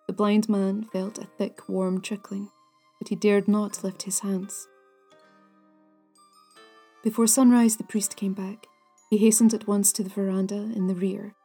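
A woman narrating old ghost stories in a hushed, measured way, at times near a whisper. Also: mid-range voice, breathy edge. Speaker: storyteller, podcast host.

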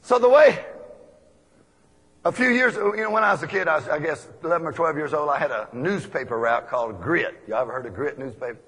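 Preacher guy spinning folksy stories, high pitched, husky voice. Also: fairly quick. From Texas. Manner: folksy, animated anecdotes with laughs. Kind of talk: storytelling sermon. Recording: long echoey hall reverb.

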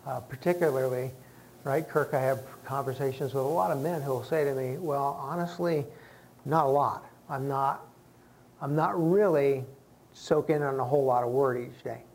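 A man's voice: medium pitch, normal speed, darkish tone, slight background noise. A man preaching a conversational sermon as pastor to his congregation, acting out the voices of people he quotes. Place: church sanctuary with congregation.

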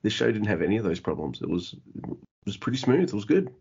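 A man's voice: on the low side, very animated, fast talker, creaky, a little mellow, husky, muffled recording. A man co-hosting a podcast in a laid-back casual chat, often stumbling and restarting his sentences. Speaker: podcast co-host.

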